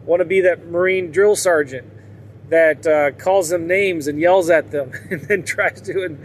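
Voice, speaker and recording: A man chats candidly to his audience, wandering from point to point and chuckling often. His voice sits a bit high for a man. A faint hum of traffic and ambient noise runs under him. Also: a little slow. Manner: rambling, candid, laughs often. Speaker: vlogger. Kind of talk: casual monologue to viewers.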